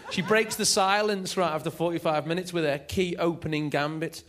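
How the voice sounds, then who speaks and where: A man's voice: fairly high pitch, fairly quick. A man doing a stand-up comedy set, telling stories with energy. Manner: energetic, animated storytelling.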